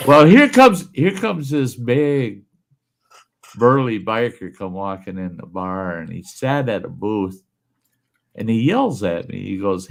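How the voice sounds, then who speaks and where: A man's voice: on the low side, expressive, measured pace, creaky. A man telling a folksy tale in casual chat, acting out the voices of the people in his stories.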